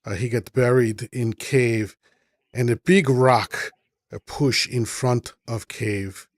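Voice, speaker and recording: A man doing an earnest man in slow broken English. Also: medium pitch, steady tone, no room sound.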